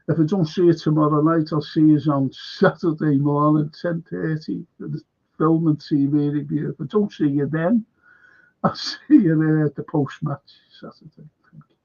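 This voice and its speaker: A man's voice: a little high, vocal fry, a little mellow. A man hosting a live football fan show, telling rambling anecdotes, swearing freely and laughing often. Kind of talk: casual live-stream chat. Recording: lo-fi dull audio.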